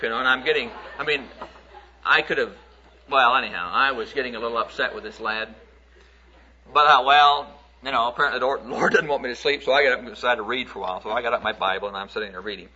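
A man's voice: mid-range voice, quick pace, bright, forceful tone. A man preaching a sermon through folksy, conversational storytelling, acting out the stories he tells. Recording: dull lo-fi recording.

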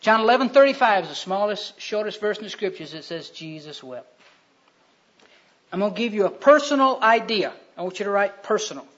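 High-voiced storytelling preacher, lo-fi sound. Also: male voice, lively intonation, fast talker, few pauses. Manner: storytelling, swinging from loud to hushed. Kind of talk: sermon. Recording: dull lo-fi recording.

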